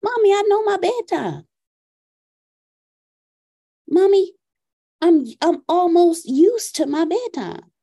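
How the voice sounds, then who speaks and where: A woman's voice: very high voice, sing-song, takes it slowly, gravelly, long pauses, dark tone, voice pushed up, heavily acted. A woman voicing her young son, who whines and pleads about his bedtime. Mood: pleading. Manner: whiny, insistent.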